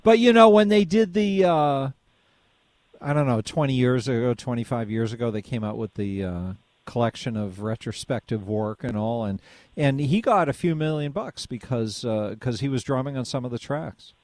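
A man hosts a radio talk show. He asks questions with curiosity and states his views firmly. His voice is mid-pitched, and the sound is dry and close. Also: moderate pace, a little mellow, no echo. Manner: inquisitive, opinionated. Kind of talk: casual radio interview.

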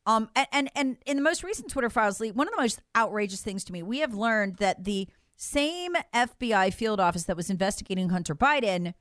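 A woman's voice: medium pitch, lively intonation, fairly quick, hardly any pauses, fairly bright tone, dry recording, clean studio sound. Impassioned woman talk radio host. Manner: impassioned, emphatic, mocking. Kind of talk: political talk radio commentary.

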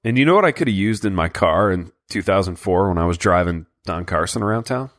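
A man bantering on a casual podcast, jokey and teasing. His pitch swings widely as he talks. He is recorded close and dry. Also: animated, brisk, a bit bright, no echo. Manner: jokey, teasing, laughs often. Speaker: podcast co-host.

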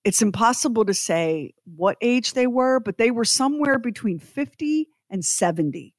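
Expressive woman telling a story. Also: fairly high pitch, normal speed, no room sound, studio quality. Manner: expressive, emphatic, swings to loud indignation. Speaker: guest storyteller. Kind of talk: animated personal storytelling.

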